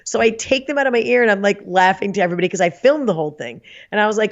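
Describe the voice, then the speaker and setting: A talkative woman on a podcast, spinning animated stories and breaking into laughs often. Her pitch sits in the middle of the range. The audio is a bit dull, like a remote call. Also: fairly quick. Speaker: podcast guest, author. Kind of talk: casual chat.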